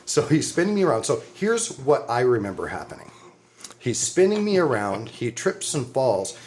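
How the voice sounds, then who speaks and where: A man's voice: medium pitch, normal speed, slight background noise. A middle-aged man from Southern California, co-hosting a podcast and telling a wild story with frequent laughter and plenty of swearing. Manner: animated, laughs often, swears freely. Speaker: podcast co-host. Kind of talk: casual storytelling.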